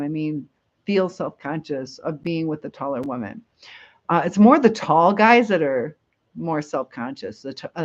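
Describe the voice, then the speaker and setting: A woman's voice: sits low, highs cut off. Chatty woman hosting a live chat. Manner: chatty, reads comments aloud, laughs often. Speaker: live stream host reading viewer comments.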